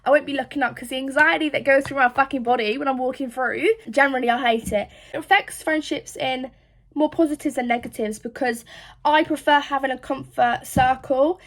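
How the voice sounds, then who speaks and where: A woman's voice: sits high, fairly even intonation, fairly quick. A young woman from England, chatting frankly in a rambling, casual way and swearing often. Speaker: social media creator. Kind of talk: casual confessional chat.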